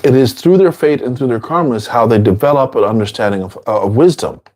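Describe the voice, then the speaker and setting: A man giving an informal dharma talk, casual and repetitive, sometimes acting out quoted people in a higher voice. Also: fast talker, a little mellow. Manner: casual, repeats phrases, acts out quotes in a high voice. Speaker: dharma teacher.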